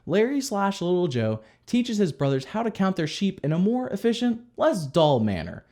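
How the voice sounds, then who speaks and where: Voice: medium pitch, sing-song, moderate pace, darkish tone. A reviewer giving a comedic, wry rundown of a cartoon episode. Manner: wry, sarcastic commentary. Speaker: video reviewer.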